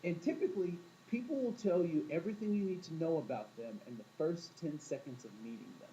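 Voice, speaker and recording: A man's voice: fairly high pitch, animated, fairly quick, warm tone, muffled recording, slight background noise. A man teaching a class in a casual, storytelling way, often asking the room questions and acting out quoted voices. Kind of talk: classroom talk to students.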